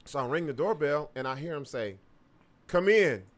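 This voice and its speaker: Man, podcast co-host, a bit high-pitched, animated storyteller, swears freely. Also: brisk. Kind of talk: casual banter with co-host.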